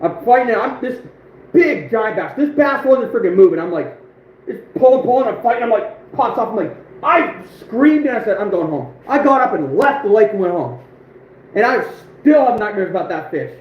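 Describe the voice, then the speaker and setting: A man in his twenties hosting an outdoors livestream, telling stories with a voice that is going hoarse, animated and emphatic, repeating phrases for punch. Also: high-pitched, moderate pace, roomy sound, dull audio, a little hiss or hum. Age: 20s. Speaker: outdoors channel host. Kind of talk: livestream storytelling.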